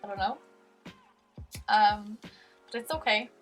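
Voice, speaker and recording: A woman's voice: mid-range voice, slow, far from the mic, low-quality recording. A young woman with an Irish accent talking candidly to camera in a rambling, casual vlog, with lots of fillers. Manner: rambling and candid, many fillers, soft laughs. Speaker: vlogger. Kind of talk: casual confessional talk to camera. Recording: music faintly behind, voice a bit off-mic.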